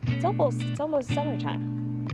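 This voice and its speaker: A young woman chatting casually to camera in a vlog, animated and laughing often. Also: high-pitched, normal speed, over loud music. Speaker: vlogger.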